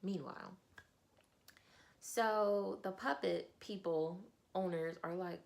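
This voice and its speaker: Animated woman recapping a novel. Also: on the low side, slow pace, creaky, long pauses. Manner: animated, acting out characters. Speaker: book reviewer. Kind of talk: casual book recap.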